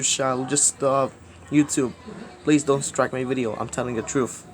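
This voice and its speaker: A man making a rambling direct-to-camera plea, repetitive and halting, swinging between loud outbursts and mumbling. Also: mid-range voice, fairly even intonation, a little hiss or hum. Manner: halting, restarts words often. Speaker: video creator.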